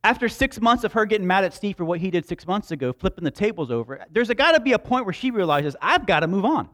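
A man's voice: high voice, expressive, quick pace, a bit bright. A man preaching a sermon in a conversational way, with joking asides to the congregation. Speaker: pastor.

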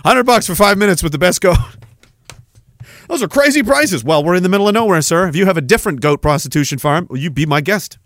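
A man's voice: high voice, expressive, fairly quick, a bit bright, no room sound, clean studio sound. A man putting on a pushy backwoods male goat-pen hustler, brusque and salesy. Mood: hawking.

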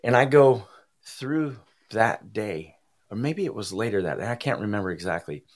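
A man as an interview guest, telling his personal recovery testimony in an earnest, emotional, halting way. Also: on the low side, animated.

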